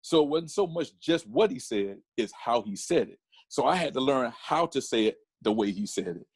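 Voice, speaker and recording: A man talking as a podcast guest, his voice husky and his delivery animated, often restarting mid-sentence. The sound is close and dry, with no room around it. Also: medium pitch, normal speed, no room sound. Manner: animated storyteller with many restarts. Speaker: podcast guest, comedian and photographer. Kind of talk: casual interview chat.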